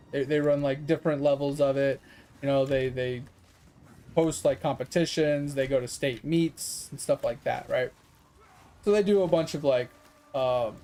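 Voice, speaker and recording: Mid-game, a male streamer with a mellow, fairly high voice goes on a casual rant, sarcastic and profane, voicing the people he's quoting as he goes.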